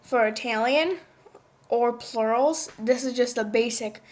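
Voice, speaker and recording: A woman presenting a language lesson, reading a prepared script in a steady explanatory way, with the odd slip and restart. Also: fairly high pitch, measured pace. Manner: reads a prepared script, with small slips and restarts. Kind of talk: scripted educational narration.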